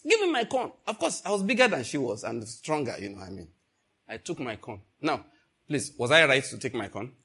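A man's voice: mid-range voice, a little fast, creaky, breathy edge. An older man preaching a sermon, telling a story and calling out questions to the congregation. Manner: storytelling, animated, calls out to the congregation.

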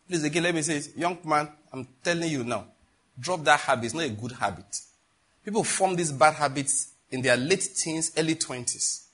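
A middle-aged Nigerian man preaching a sermon, his voice husky and pitched a little high for a man. He exhorts his listeners with animated storytelling asides, swinging from low, confiding asides up to rising, emphatic points. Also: normal speed.

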